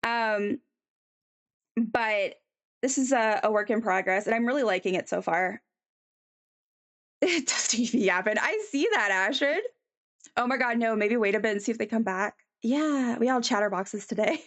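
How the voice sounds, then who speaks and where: A woman's voice: a little high, normal speed, long pauses, a bit bright. A woman chatting casually on a live stream as she draws, rambling with many ums and answering chat.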